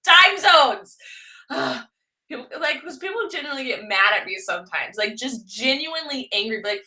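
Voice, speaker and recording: A woman's voice: fairly high pitch, sing-song, normal speed, bright, forceful tone. A woman chatting casually on a livestream, rambling and laughing often as she answers comments. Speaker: vlogger live-streaming. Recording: roomy echo.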